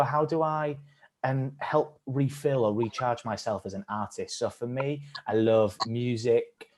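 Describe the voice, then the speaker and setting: A man from England co-leading a live-streamed acting workshop, speaking thoughtfully with some hesitant restarts. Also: medium pitch. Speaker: workshop leader.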